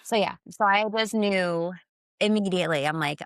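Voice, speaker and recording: A woman's voice: medium pitch, moderate pace, dry recording, clean studio sound. A young woman co-hosting a casual faith podcast, reflectively sharing a personal testimony. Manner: reflective, soft-spoken testimony. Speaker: podcast co-host.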